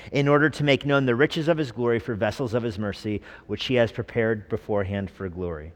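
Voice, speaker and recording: Pastor guy preaching casual, joking around, mid-pitched voice, big echoey church. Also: a bit bright. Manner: conversational preaching with jokes and rhetorical questions. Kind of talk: sermon.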